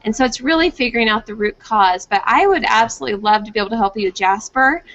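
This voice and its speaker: A young woman with a slightly high voice talks at a quick pace, sharing pet-training tips over a video call. Animated and conversational, she acts out dogs' thoughts in playful voices, all through muffled, dull call audio.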